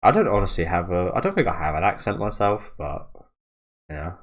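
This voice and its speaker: A man's voice: sits low, big pitch swings, fairly quick. A young British man giving loose, rambling commentary as he reacts to a manga, swearing freely and laughing at himself. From Britain.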